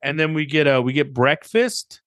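A man's voice: a little high, lively intonation, moderate pace, fairly bright tone, no echo. A man in his thirties co-hosting a podcast, chatting casually and telling joking stories where he acts out what other people said. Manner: storytelling, joking, acts out quotes. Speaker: podcast co-host. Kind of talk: casual chat.

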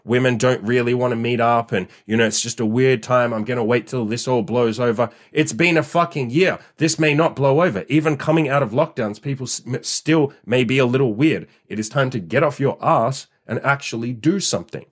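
A man's voice: mid-range voice, a little fast, hardly any pauses. A man hosting a podcast as a dating coach. He delivers a blunt, profane, fired-up motivational rant that scolds his listeners. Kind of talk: ranting motivational podcast monologue.

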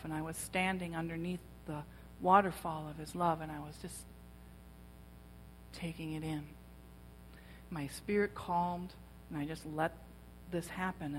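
Her deep voice holds a steady tone at normal speed as she gives a sermon testimony to a women's church gathering. She relates her own story and performs others' voices, with slight background noise and the long reverb of a large hall.

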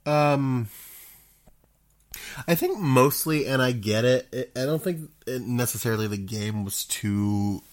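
A man's voice: medium pitch, a little slow. A man talking casually about a video game, hesitant, with frequent ums and restarts. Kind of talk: casual chat.

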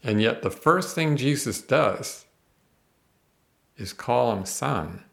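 A man's voice: medium pitch, expressive, slow pace, creaky, a bit bright. A man teaching the Bible on a podcast, earnest and emphatic, reading verses aloud and explaining them.

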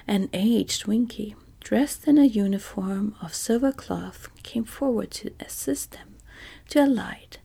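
Woman narrator, whispered role-play storybook reading, breathy, husky. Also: mid-range voice, a little slow. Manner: soft, even storybook reading.

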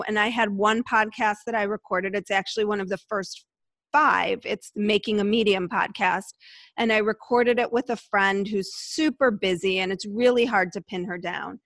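A woman chatting casually about her podcast, with animated storytelling and lively quoted asides. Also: medium pitch, normal speed, no room sound. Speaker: podcast host and guest. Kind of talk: casual conversation.

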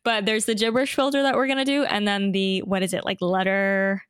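A woman's voice: medium pitch, little pitch movement, brisk, clean tone, no room sound, studio quality. A young woman co-hosting a podcast, chatting casually, laughing often and filling her talk with likes and ums. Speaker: podcast co-host. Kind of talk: casual chat.

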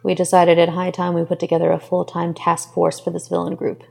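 A woman's voice: fairly low pitch, monotone, a little fast, creaky, warm tone, long reverb tail. A woman voicing a weary middle-aged male former teacher who talks in a dry, bored drawl.

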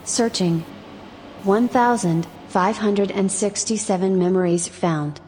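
A woman's voice: mid-range voice, slow pace, a little mellow, a little hiss or hum, natural voice. A woman voicing a computer system that reads out clipped, mechanical status reports. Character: flat female computer system voice.

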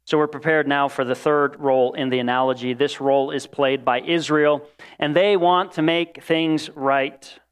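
A man preaching a sermon, shifting between loud, emphatic lines and quiet, drawn-out ones as he acts out quoted voices. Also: fairly high pitch, smooth. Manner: expressive preaching, dramatic quoted voices, swings loud and soft. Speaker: pastor.

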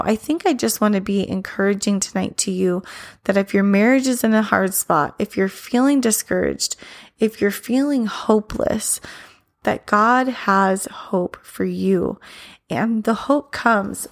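Earnest mom with a slightly worn voice. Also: female voice, mid-range voice, a little slow. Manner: earnest, rambling with many fillers. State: losing her voice a little. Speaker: mom tips host. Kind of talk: encouraging faith talk.

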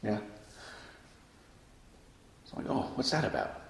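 Low-voiced man giving a reflective dharma talk. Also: huge pitch swings, gravelly. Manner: reflective, unhurried, pausing often with soft fillers. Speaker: meditation teacher. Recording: roomy hall with long reverb.

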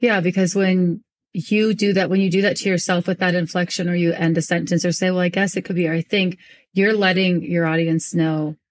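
A young woman hosts a relaxed podcast conversation, her voice sitting a touch low for a woman. She talks with animated energy, circling back and restarting phrases as she thinks out loud. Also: normal speed. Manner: animated, repeats herself often while working through thoughts. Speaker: podcast host and business coach. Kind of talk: casual conversational interview.

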